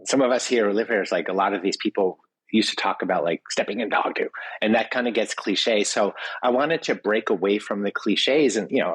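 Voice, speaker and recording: A man's voice: lowish voice, breathy edge, no room sound, low-quality recording. A man talking as a guest in a casual interview, rambling through anecdotes with many "you know" asides. He is from the United States. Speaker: guest, food writer.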